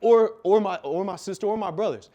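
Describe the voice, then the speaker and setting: A man telling a raw personal story with heavy swearing, dropping low and quiet, then bursting out loud. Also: a little fast, highs cut off. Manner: profane, intense, swings from quiet to loud; loud, self-described. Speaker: fitness business coach telling his life story.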